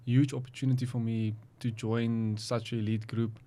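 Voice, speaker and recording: A man's voice: medium pitch, flat delivery, moderate pace, mellow. A young man, a guest athlete talking casually and hesitantly with many ums. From South Africa. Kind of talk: casual interview chat.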